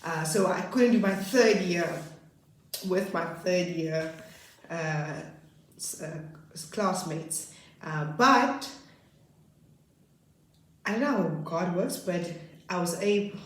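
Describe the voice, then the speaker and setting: Woman in her twenties, lowish voice, earnest and rambling, in a boomy room. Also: slow pace, pauses often. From South Africa. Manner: rambling, self-correcting, earnest. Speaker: vlogger. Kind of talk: casual personal storytelling. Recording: very echoey room.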